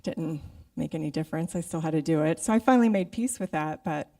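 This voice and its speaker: A middle-aged woman gives a sermon as a guest speaker, speaking fast in a relaxed, conversational style and acting out her own thoughts. Her low-sitting voice is mellow and warm, picked up from a distance by the mic in a church sanctuary.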